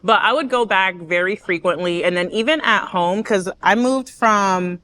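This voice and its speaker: A young woman born in Nigeria and raised in the States, chatting as a guest and telling her story with animated laughs. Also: mid-range voice, normal speed. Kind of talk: casual chat.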